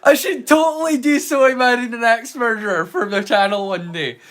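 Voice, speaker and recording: A man's voice: extremely high pitch, moderate pace, a bit bright. A man hosting a live movie watch-along, rambling casually with jokes and the odd swear word. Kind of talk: casual live-stream chat.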